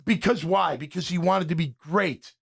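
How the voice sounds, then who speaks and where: A man's voice: sits high, moderate pace, creaky, husky. A man in his fifties, a former pro player hosting a sports talk show, ranting in a fired-up way and often restarting his sentences. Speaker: podcast host and former pro linebacker.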